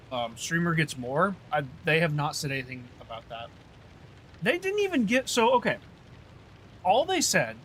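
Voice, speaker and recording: A man's voice: on the high side, fairly bright tone, a little hiss or hum. A man streaming a game, chatting casually with his viewers in a rambling way, often trailing off and restarting. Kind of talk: casual livestream chat while gaming.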